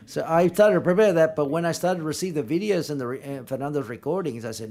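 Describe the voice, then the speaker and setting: A man answering questions at a film press conference, speaking haltingly and often restarting and correcting himself. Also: fairly high pitch, a little mellow.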